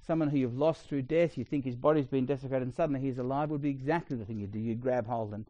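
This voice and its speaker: A man's voice: mid-range voice, fast talker, mellow, no room sound, lo-fi sound. Chatty Australian man preaching a sermon. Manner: conversational storytelling with asides.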